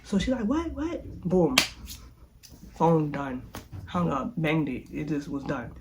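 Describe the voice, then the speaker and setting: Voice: medium pitch, measured pace, heavy background noise. A young adult vlogger telling a personal story casually, acting out quotes and filling gaps with "like" and "da, da, da.". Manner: animated, acts out quotes, says "like" and "da da da" a lot.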